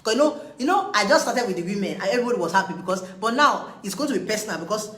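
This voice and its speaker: A woman's voice: mid-range voice, animated, racing, fairly bright tone, echoey room, poor audio. A woman, giving an emphatic, scolding live talk on marriage. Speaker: relationship speaker.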